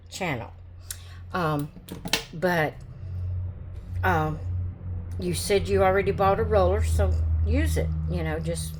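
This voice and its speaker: A woman hosting a craft channel, talking casually to her viewers in an unhurried way, with many fillers and restarts. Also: medium pitch. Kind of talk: casual tutorial talk to viewers.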